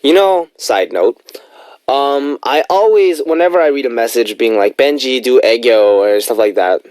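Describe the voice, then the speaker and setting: A man's voice: medium pitch, lively intonation, normal speed, a little mellow, no room sound. A man hosting a music radio show, chatting casually and playfully between songs in a studio. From United States. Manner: chatty, playful, upbeat asides. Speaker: radio DJ and host.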